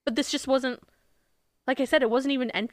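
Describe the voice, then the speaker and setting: A woman's voice: high voice, fairly even intonation, fairly quick, no echo, studio quality. A woman co-hosting a podcast in casual chat, sarcastic and swearing often as she retells a book. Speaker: podcast co-host.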